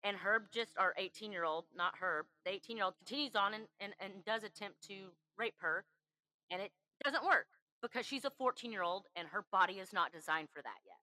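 A woman's voice: fairly quick, bright, forceful tone, poor audio. A woman hosting a podcast, earnestly telling a true crime story and acting out the quotes. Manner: earnest, acts out quotes with shifts in pitch. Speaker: podcast host.

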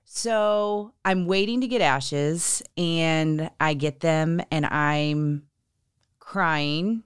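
A woman hosting a faith podcast, telling stories in a lively, animated way and acting out what others said. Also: low voice, extremely slow, smooth, no echo, studio quality. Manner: animated storyteller, acts out quoted voices. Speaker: podcast host. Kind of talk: casual conversation.

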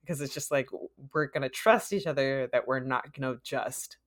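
A woman's voice: very deep voice, normal speed. A woman guest on a podcast, chatting casually and enthusiastically, laughing and acting out quotes. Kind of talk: casual chat.

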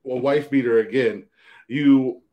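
A man's voice: medium pitch, measured pace, mellow. A man co-hosting a podcast, chatting loosely, laughing often and restarting his sentences. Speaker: podcast co-host. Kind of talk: casual chat.

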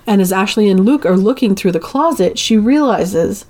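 A woman's voice: mid-range voice, moderate pace. A woman co-hosting a podcast, retelling a movie plot in a loose, chatty way full of "like" and acted-out lines. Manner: animated retelling with lots of "like", acting out characters' lines. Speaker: podcast co-host. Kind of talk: casual movie recap.

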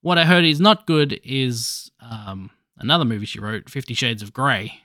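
A man's voice: medium pitch, moderate pace, pushed and bright, dry recording, studio quality. A man hosting a podcast alone, chatting casually about movies in a rambling, jokey way with restarts and swearing. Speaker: podcast host.

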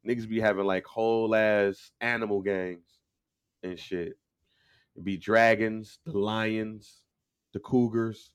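A man co-hosting a podcast, telling stories in casual chat, animated, laughing often and mimicking voices. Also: lowish voice, slow, smooth. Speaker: podcast co-host.

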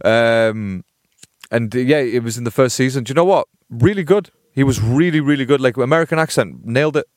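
A man's voice: medium pitch, brisk, no echo, studio quality. A young man from the Northeast of England with a Northern English accent, hosting a podcast in casual, joking banter. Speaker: podcast host. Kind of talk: casual chat.

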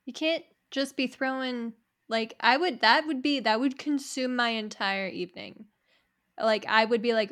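A woman's voice: fairly high pitch, moderate pace, a bit bright. A young woman co-hosting a casual chat, reacting with laughs and swearing and asking eager questions. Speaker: podcast co-host.

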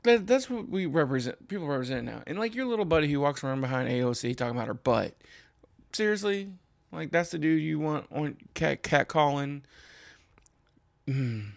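A Kentucky man hosts his own political commentary show, delivering a casual solo rant with animated exasperation and voice jumping high for emphasis. He speaks at a moderate pace with vocal fry, and the recording is dry.

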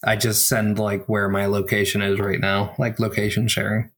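A man's voice: fairly low pitch, monotone, moderate pace, a bit bright. Hesitant man playing a tabletop game. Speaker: player. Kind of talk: casual tabletop game play.

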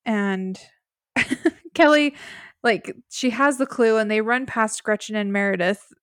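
A woman's voice: a little high, takes it slowly, fairly bright tone, smooth, no room sound. Giggly woman podcast co-host, dry sound. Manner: giggly, teasing, conversational. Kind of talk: casual rewatch chat.

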